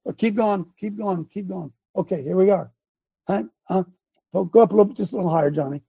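A man with a high, gravelly voice hosts a live show and talks like a preacher, pressing every point hard. His tone has a husky edge. The sound is dry and close, with no room echo. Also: brisk, warm tone. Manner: emphatic, preacher-like, directs a producer aloud. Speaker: host.

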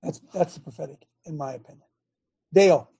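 An older man who hosts a Christian talk show, delivering an impassioned preaching rant that swings between loud emphasis and quiet asides. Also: a little high, fairly quick, gravelly, slightly rough. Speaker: show host, former football coach.

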